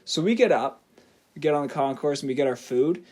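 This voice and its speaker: A man's voice: fairly high pitch, expressive, a little fast, a little mellow. A young man, co-hosting a podcast, laid-back and laughing often as he swears casually. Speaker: podcast co-host. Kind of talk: casual chat.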